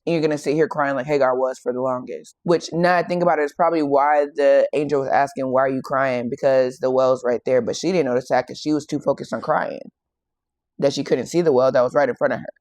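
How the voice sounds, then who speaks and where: A woman hosting a faith and fitness channel who retells a Bible story in a casual, animated way and acts out the quoted lines. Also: extremely low pitch, fast, dry recording.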